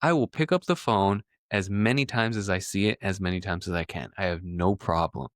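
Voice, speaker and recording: A young man co-hosting a podcast, telling lively stories in a relaxed casual conversation. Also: deep voice, brisk, no echo, clean studio sound. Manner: lively storyteller, says he prefers listening. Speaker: podcast co-host.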